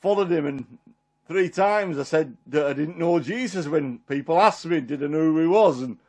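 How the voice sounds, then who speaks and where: A man plays Peter, a homely, warm-hearted fisherman, telling his story in a rambling, chuckling way. The voice sits a little high for a man and stays unpolished and everyday. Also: moderate pace. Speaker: performer in a one-man Bible drama. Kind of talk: dramatic character monologue.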